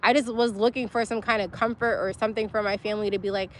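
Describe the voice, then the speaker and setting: A woman's voice: medium pitch, fairly even intonation, fast, a little hiss or hum. A young woman, venting angrily in a profane, emotional personal vlog. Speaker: livestream host.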